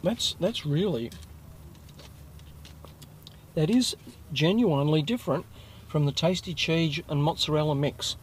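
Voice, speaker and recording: An Australian man with a slightly higher voice talks casually to camera while reviewing food. He rambles and breaks off to correct himself. Faint ambient noise sits behind him. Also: a little slow, pauses often. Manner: chatty, rambling, self-correcting asides.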